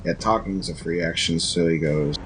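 Low-voiced man running a tabletop game. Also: fairly even intonation, normal speed, fairly bright tone, a little hiss or hum. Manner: loose, jokey, restarts often. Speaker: game master.

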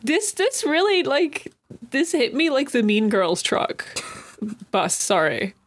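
A woman's voice: high voice, very animated, slow pace. Woman, podcast co-host, chatty, casual swearing, comic book discussion.

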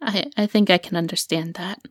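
A woman's voice: on the low side, steady tone, brisk, no room sound, clean studio sound, close to an everyday voice. An actress playing a young woman student who talks nervously, stammering with many fillers. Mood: anxious. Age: young adult. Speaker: student and podcaster.

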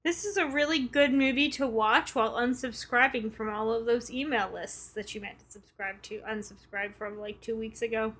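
Woman, somewhat high voice, dry sarcastic humor, casual podcast chat. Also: fairly even intonation, normal speed, few pauses, a bit bright. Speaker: podcast co-host. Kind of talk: casual movie-review chat.

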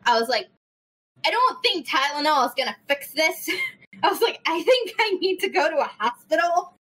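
A young woman telling a story in casual chat, animated, swearing freely and acting out the people in it. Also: high-pitched, moderate pace, poor audio. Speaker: podcast host.

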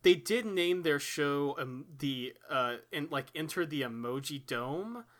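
A young man from Texas co-hosting a casual comedy podcast, rambling and joking and quick to laugh. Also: fairly high pitch, animated. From Texas, United States. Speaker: podcast co-host.

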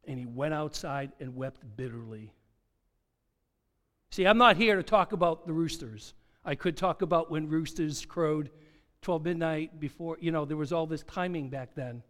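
A man's voice: on the high side, moderate pace, a bit bright. A man preaching a sermon, dramatic, asking rhetorical questions and acting out quoted dialogue. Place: church sanctuary. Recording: long hall reverb.

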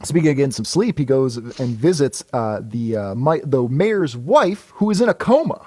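A man co-hosting a podcast, talking in a rambling, animated way and swearing freely in casual chat. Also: medium pitch, moderate pace. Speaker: podcast co-host discussing comics.

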